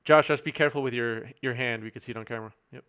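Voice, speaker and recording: A man giving live commentary on a card game match, chatty and quick to laugh while reading out viewer messages. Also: medium pitch, fairly bright tone, clean tone. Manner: chatty, reads out viewer chat, chuckles often.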